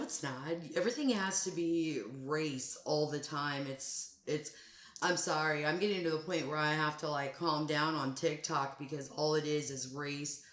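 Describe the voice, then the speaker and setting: A woman's voice: low voice, unhurried, echoey room. A woman giving blunt, casual reaction commentary on a song, swearing freely and getting heated. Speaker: music reaction host.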